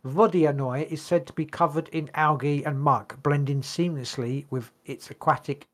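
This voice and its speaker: A man's voice: on the high side, steady tone, moderate pace, fairly bright tone. Chatty man stumbling through a reading. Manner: stumbling over words while reading aloud, swears casually. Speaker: podcast co-host. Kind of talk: casual chat, reading notes aloud.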